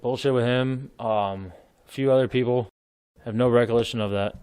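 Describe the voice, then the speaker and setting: A man's voice: medium pitch, steady tone, moderate pace, darkish tone, smooth, no echo, studio quality. Rambling, cursing male veteran storyteller. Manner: rambling, laughs while telling stories, swears freely. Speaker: podcast guest, military veteran. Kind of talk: casual storytelling.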